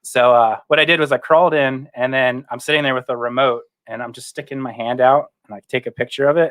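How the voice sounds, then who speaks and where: A man's voice: mid-range voice, steady tone, fast, hardly any pauses, a bit bright. A man, a guest photographer, explaining his work in an easygoing, step-by-step way. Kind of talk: casual chat.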